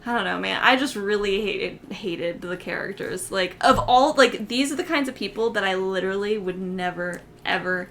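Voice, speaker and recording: Female co-host, mid-pitched, blunt and emphatic, casual review chat. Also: moderate pace, hardly any pauses, fairly bright tone, slight background noise. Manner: blunt and emphatic, repeats for stress. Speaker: co-host of a horror film review channel.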